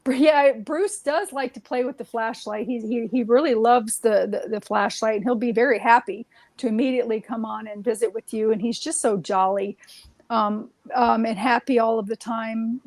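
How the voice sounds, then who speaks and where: A woman with a fairly high voice tells stories in a loose, rambling way, looping back with "um" and restarting her sentences. The sound is dry and close, with no room echo. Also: fairly even intonation, moderate pace, a little mellow. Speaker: guest. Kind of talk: casual conversational storytelling.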